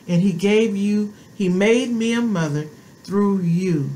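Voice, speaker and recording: A woman's voice: medium pitch, takes it slowly, warm tone, a little hiss or hum, poor audio. A grandmother giving a sermon as a prophetess, preaching emphatically with repeated phrases and exclamations. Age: middle-aged or older, a grandmother.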